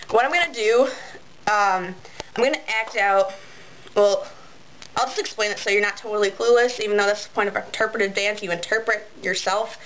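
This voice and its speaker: A teenage girl chatting excitedly on a webcam vlog, giggly and filling her talk with um and like. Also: medium pitch, a little hiss or hum, rough recording. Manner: bubbly, giggly, many ums and likes. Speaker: vlogger. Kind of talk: excited casual vlog chat.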